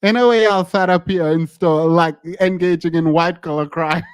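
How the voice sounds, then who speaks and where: A man's voice: a little high, steady tone, moderate pace, smooth. A male podcast host chatting casually and reading a news story aloud. He giggles often and stammers through restarts.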